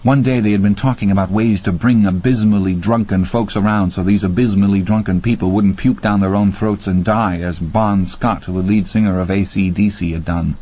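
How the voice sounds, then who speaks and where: A man with a husky voice narrating a horror audiobook with slow, dramatic pacing. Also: lowish voice, fairly even intonation, mellow. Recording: dull lo-fi audio.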